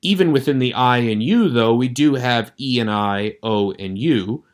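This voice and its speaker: A man teaching a recorded online lecture with a measured, explanatory delivery. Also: mid-range voice.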